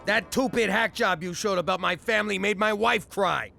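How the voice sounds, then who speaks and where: A crude, blustering former New York mob boss from an adult cartoon. He talks in a very high, gravelly, bright voice with a thick New York accent, and his pitch swings widely. His wisecracks come out brash and crude. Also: moderate pace, soft background music, heavily acted. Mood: gruff. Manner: brash, crude, wisecracking tough-guy talk.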